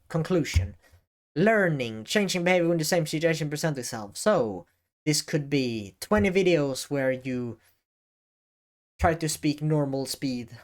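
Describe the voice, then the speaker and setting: A man talking to the camera in a casual advice vlog, often halting and correcting himself as he goes. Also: mid-range voice. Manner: halting, self-correcting, varies emphasis. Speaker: YouTube creator. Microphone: camera facing speaker.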